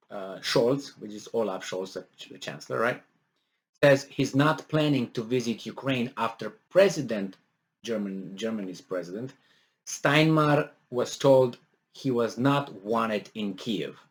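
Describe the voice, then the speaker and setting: A man's voice: medium pitch, animated, a little slow. Man, casual commentary, rambling, fillers and restarts, mock-exasperated quoted voices. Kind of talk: casual commentary reading an article.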